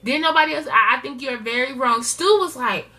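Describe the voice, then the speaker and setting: A woman's voice: sits high, fairly quick, pushed and bright. A woman giving a chatty, gossipy recap of a reality TV episode, laughing often. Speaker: TV show reviewer. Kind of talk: casual show recap.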